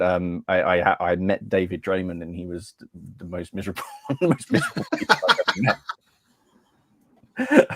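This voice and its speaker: Lively, teasing male podcast host. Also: low voice, gravelly, no room sound, clean studio sound. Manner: chatty, laughs often, teasing. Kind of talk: casual chat, reading out viewer names.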